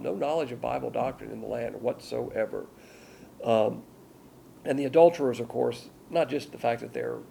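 A man with a heavily gravelly, mellow voice teaches a verse-by-verse Bible lecture. He is blunt and wanders off into side topics, reading scripture more loudly than his asides. Faint room ambience sits behind him. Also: mid-range voice, slight background noise.

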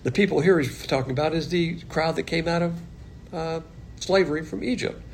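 A man's voice: on the high side, brisk, slight background noise. A man teaching verse by verse from the Bible in a blunt, emphatic way, with mocking asides.

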